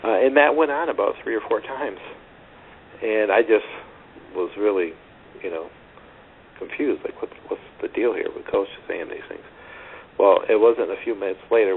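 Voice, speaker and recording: A middle-aged man, a tennis coach, telling stories earnestly in a phone interview, rambling with restarts. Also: low voice. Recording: tinny phone line with faint hiss.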